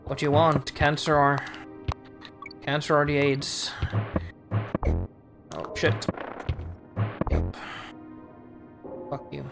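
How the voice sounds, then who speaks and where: A woman's voice: deep voice, lively intonation, slow pace, creaky, pauses often. A woman streaming a game live, casually muttering and swearing at it as she plays. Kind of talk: casual gameplay commentary. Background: music playing.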